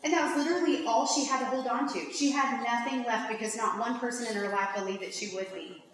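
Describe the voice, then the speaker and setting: A woman giving an animated, chatty faith-based conference talk, full of "like"s. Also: a little high, quick pace. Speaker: conference speaker. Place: large lecture hall. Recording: echoey hall from far off, faint hiss.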